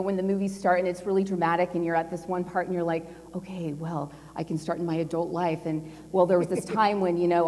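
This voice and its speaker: A middle-aged woman giving a casual, animated talk at a conference, telling a personal story with a lot of fillers and laughter. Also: on the low side. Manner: chatty and animated, laughing often, with lots of fillers. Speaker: conference speaker. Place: large conference hall. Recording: long hall reverb.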